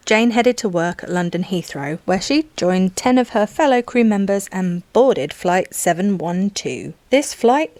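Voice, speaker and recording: A woman's voice: mid-range voice, a little mellow, no echo. A woman co-hosting a true crime podcast, reading out the story and breaking off into laughing tangents. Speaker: podcast co-host narrating cases.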